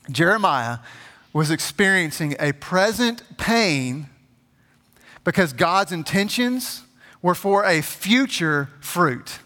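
A man's voice: sits high, bright, forceful tone, long reverb tail. A man preaching a sermon as a pastor, in an emphatic, conversational way, recorded in a church.

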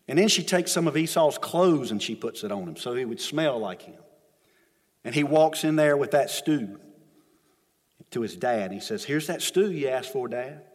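A man's voice: mid-range voice, animated, moderate pace, breathy edge. A man preaching a sermon as a pastor, retelling the story with emphatic repetition, recorded in a church sanctuary with long reverb.

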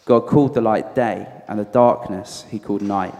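A man with a Southern American accent reading scripture aloud at a measured, deliberate pace in a church. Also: on the low side, darkish tone. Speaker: scripture reader. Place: church hall. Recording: echoey church hall, off mic.

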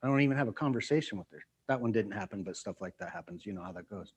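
A man's voice: on the low side, expressive, very fast, husky. A man preaching a conversational sermon to a small group, repeating phrases and acting out quoted voices. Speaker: pastor.

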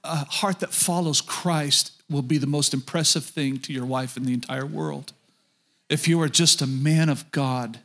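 A man's voice: on the high side, fairly bright tone. A middle-aged man preaching a sermon as pastor, talking straight to his congregation and often asking them questions.

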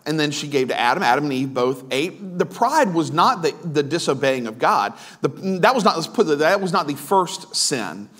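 Lively-pitched male pastor preaching. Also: moderate pace, few pauses, slightly rough. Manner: conversational preaching with frequent asides and restarts. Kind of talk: sermon.

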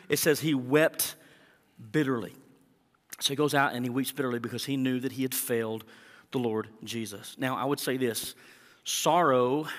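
Pastor preaching in a reverberant hall. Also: male voice, medium pitch. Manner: animated storyteller, acts out quotes. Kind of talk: sermon.

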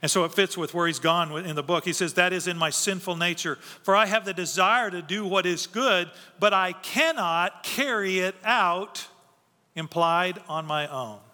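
A man's voice: high-pitched, normal speed, sharp tone. A man preaching a sermon as pastor, earnest and conversational, with restarts and asides. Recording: long hall reverb.

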